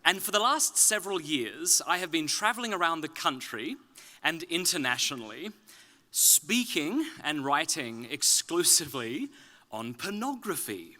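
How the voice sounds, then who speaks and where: A man from Australia with a softened Australian accent gives a public talk at a conference, with wry, self-deprecating humor. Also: on the high side, very animated, measured pace. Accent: Australian, softened toward British. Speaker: conference speaker. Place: conference stage.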